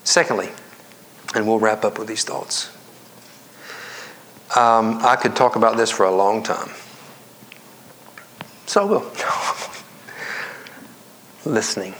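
A male pastor giving a conversational sermon that climbs to emphatic, high-pitched stress and drops to hushed whispers. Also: expressive, slow pace, long pauses, slight background noise. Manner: conversational preaching, rising to emphatic highs and dropping to whispers.

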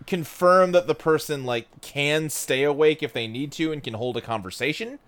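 A man's voice: a little high, moderate pace, fairly bright tone. A man co-hosting a podcast, chatting casually in an emphatic, joking way. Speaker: podcast co-host. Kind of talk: casual chat.

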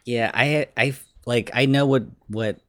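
A laid-back man chatting about movies, laughing easily and leaning on fillers. His voice sits at an average pitch. The sound is dry, with no room in it. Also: steady tone, unhurried, no room sound. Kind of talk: casual film discussion.

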